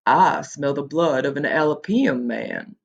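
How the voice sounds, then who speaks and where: A woman reading a storybook aloud and voicing a huge, hungry one-eyed male cyclops with a deep growl. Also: expressive, measured pace, vocal fry, muffled recording, full character voice. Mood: menacing.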